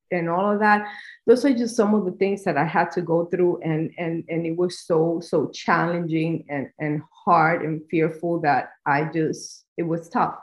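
A woman with a Spanish accent, Spanish her first language, telling her life story as an interview guest, reflective and halting, often restarting. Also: fairly low pitch, roomy sound. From Spanish-speaking country. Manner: reflective, many restarts and fillers. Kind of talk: personal storytelling.

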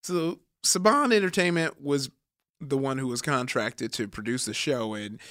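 A man's voice: mid-range voice, normal speed, fairly bright tone, no echo, studio quality. A man in his thirties co-hosting a podcast, retelling facts in casual chat and laughing often. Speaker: podcast co-host.

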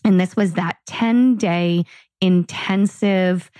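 A woman's voice: lowish voice, takes it slowly, no echo. A woman co-hosting a podcast, telling a family story in casual chat and acting out the dialogue. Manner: animated storyteller, acts out dialogue. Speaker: podcast co-host.

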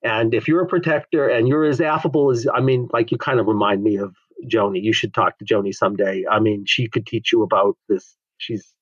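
A man's voice: lowish voice, fairly even intonation, fairly quick, few pauses, breathy edge, no room sound, dull audio. A man who teaches the Enneagram in frank, emphatic conversation, swearing now and then.

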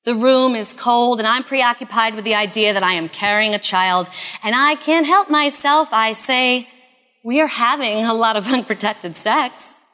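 A woman in her thirties telling a personal story in an earnest, confessional way, often dropping to a hush. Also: a little high, moderate pace, long reverb tail. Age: 30s.

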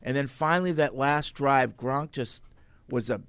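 Gravelly-voiced male sports podcast host. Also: medium pitch, measured pace, no echo. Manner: relaxed storytelling, trailing off with fillers. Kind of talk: casual sports talk.

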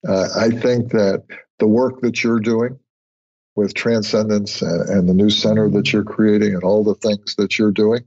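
A man, a guest on an interview podcast, telling stories in a conversational way and getting animated when he acts out other people. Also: fairly low pitch, measured pace. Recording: husky voice, dull lo-fi audio.

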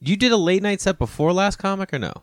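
A man's voice: sits high, expressive, fast talker, dry recording. A man in his thirties or forties, a comedian hosting a podcast, chatting casually and rambling as he acts out the people he quotes. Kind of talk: casual conversation.

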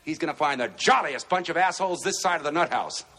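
Furious frazzled dad in a comedy movie, lively swings, sharp husky tone. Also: male voice, on the high side, fast, exaggerated voice. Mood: manic, forced cheer. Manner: shouting, ranting, breaking into rage. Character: frazzled middle-aged family father ranting. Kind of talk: film comedy acting.

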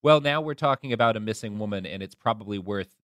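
Man, very low voice, podcast co-host, measured, explanatory, dry sound. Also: fairly bright tone, clean tone, dry recording. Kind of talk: casual chat.

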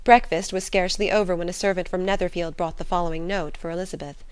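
A woman narrating a classic novel in an even, composed way. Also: lowish voice, fast, clear, resonant tone, no room sound. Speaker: audiobook narrator.

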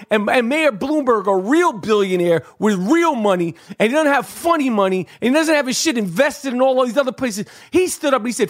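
High-voiced man on a fired-up profane rant. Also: animated, fairly quick, hardly any pauses. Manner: fired-up, profane, repeats words when searching. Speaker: podcast co-host. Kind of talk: heated casual rant.

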